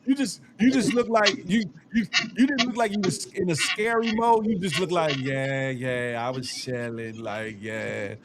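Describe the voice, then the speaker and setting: A man's voice: sits high, expressive, normal speed, few pauses, background noise. Laid-back joking male show host. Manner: laid-back, playful teasing. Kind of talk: casual joking chat.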